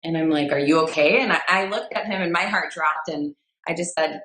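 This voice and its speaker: A woman's voice: on the low side, brisk, bright, forceful tone. A woman with a Midwestern American accent, a fitness trainer telling a personal story as a guest in a chatty way with many fillers. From Wisconsin, USA. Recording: roomy echo.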